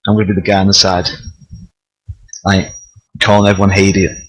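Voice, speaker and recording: Low-voiced man with dry jokes. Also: monotone, fairly quick, crowd noise, low-quality recording. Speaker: podcast panelist. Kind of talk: casual roundtable chat.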